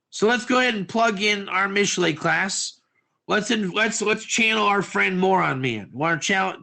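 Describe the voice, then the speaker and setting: A man teaching a lively class, constantly quizzing his listeners and mixing Hebrew terms into his English. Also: high-pitched, vocal fry. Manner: animated, quizzes listeners, asks for answers. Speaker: Torah teacher.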